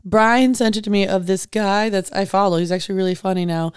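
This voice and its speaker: A woman's voice: mid-range voice, steady tone, clean tone, dry recording. Female podcast co-host; chatty, reactive; clean dry mic. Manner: chatty, quick to react and jump in. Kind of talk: casual chat.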